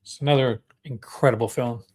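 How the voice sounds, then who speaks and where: A Canadian man hosts a livestream with a brisk, medium-pitched voice that stays steady, a little mellow and edged with breath. He's chatty and enthusiastic, full of fillers and restarts as he keeps the casual chat going.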